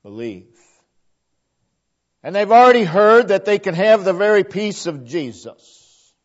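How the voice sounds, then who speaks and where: A man preaching a sermon, building to emphatic peaks and then letting his line endings fall to a hush. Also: sits high, normal speed, highs cut off.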